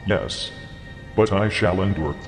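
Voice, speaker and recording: A low, pompous godlike emperor. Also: male voice, slow, faint music behind. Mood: deadpan. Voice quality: flat synthetic text-to-speech voice. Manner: dry, grandiose, pompous. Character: stern godlike male emperor as speech synthesizer. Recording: long hall reverb.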